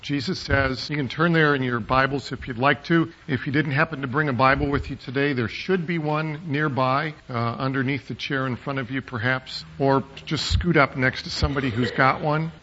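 A man's voice: medium pitch, fairly even intonation, normal speed, few pauses, pushed and bright, highs cut off, a little hiss or hum. A man preaching a sermon in a church, conversational and digressive, with humorous asides. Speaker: pastor. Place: church sanctuary.

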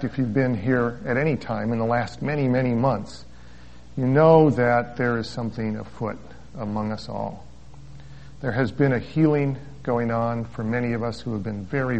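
A man's voice: medium pitch, vocal fry, a little mellow. A man preaching as a pastor, reading a story aloud with wry asides and chuckles, on a dull lo-fi recording. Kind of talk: sermon with a read-aloud story.

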